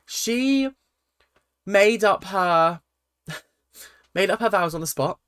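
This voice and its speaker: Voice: mid-range voice, animated, takes it slowly, fairly bright tone, clean tone, dry recording, studio quality. A reality TV reaction vlogger, casual and sarcastic, often repeating phrases in exasperation.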